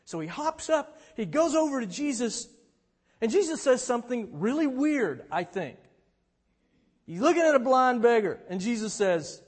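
A man with a high voice preaches in a casual, talk-like manner. His voice rings with a long reverb, as in a large hall. Now and then he rises to a shout as he retells a story. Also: big pitch swings, normal speed, breathy edge. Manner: conversational preaching, bursts into shouts when retelling scenes. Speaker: pastor. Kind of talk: sermon.

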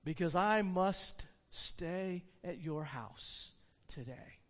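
A man's voice: high-pitched, drawn-out words, pitched below the performer's own voice. A man preaching voices a commanding male teacher calling out with firm, raised words during a sermon. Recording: long hall reverb.

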